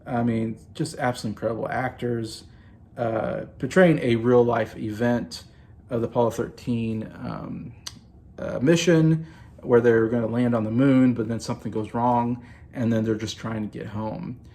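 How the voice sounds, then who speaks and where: Male vlogger, forties, gushing movie fan, casual monologue with a touch of vocal fry. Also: mid-range voice, fairly even intonation, moderate pace, mellow. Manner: gushing, enthusiastic.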